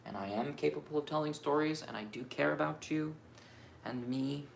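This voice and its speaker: A man's voice: on the high side, moderate pace, vocal fry, slight background noise. A man recording an unscripted astrology vlog, venting his frustrations frankly and profanely and rambling as he questions himself. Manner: restless, self-questioning rambling.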